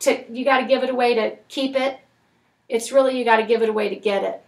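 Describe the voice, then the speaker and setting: A woman's voice: on the high side, fairly even intonation, quick pace, vocal fry, distant mic. A woman leading a parenting class for people in recovery, talking frankly and emphatically with many tag questions. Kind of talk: recovery group lesson. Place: meeting room with group.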